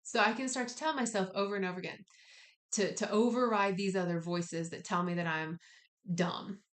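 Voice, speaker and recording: A woman speaks in an easy, conversational way as she guides listeners through a spiritual practice. Her delivery is gently encouraging, with slangy asides mixed in. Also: mid-range voice, fairly quick. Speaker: spiritual wellness teacher. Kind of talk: casual spoken guided talk.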